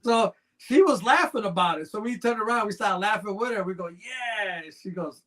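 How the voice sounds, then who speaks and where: Animated and fairly bright, this man's high voice moves at normal speed. He's a snake breeder guesting on a podcast, casually telling rambling anecdotes laced with constant "you know" fillers.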